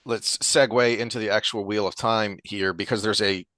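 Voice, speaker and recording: Animated podcast man, dry close sound. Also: on the low side, normal speed, dry recording. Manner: animated, rambling with frequent restarts. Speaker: podcast co-host. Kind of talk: casual chat.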